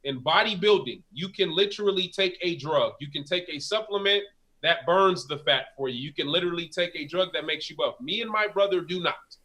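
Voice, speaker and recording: A man being interviewed in a relaxed chat, talking emphatically and repeating his key points. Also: on the high side, brisk, rough recording. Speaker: guest. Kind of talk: casual interview talk.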